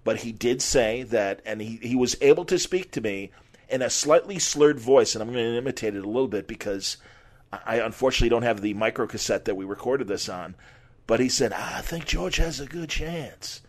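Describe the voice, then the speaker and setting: Middle-aged guy hosting a podcast, animated storytelling, acts out the quotes. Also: medium pitch, brisk. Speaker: podcast host and former sports reporter. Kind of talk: casual anecdotal storytelling.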